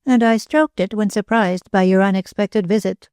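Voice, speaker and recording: A woman's voice: mid-range voice, steady tone, normal speed, darkish tone, clean tone, no echo, clean studio sound, voice pushed up, close to an everyday voice. A woman voicing a small, elfish older man who is cynical and jeering, with a clipped, curt way of talking.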